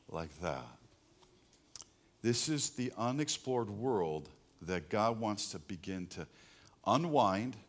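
A middle-aged man preaching a sermon as pastor, swinging between loud emphasis and hushed asides. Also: fairly low pitch.

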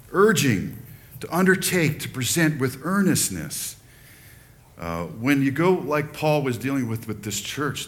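An older man preaching a sermon in a relaxed, conversational way, telling personal stories and acting out quoted lines. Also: on the low side, a little hiss or hum. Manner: conversational, animated storytelling with quoted asides. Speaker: pastor.

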